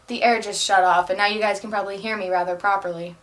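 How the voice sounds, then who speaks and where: A young American woman chatting unscripted to her camera in a put-on French accent, rambling quickly and apologizing as she goes. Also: medium pitch, fairly even intonation, fairly bright tone. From United States. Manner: rambling, fast, apologetic and self-conscious. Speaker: vlogger and actress. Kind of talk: unscripted casual chat to camera.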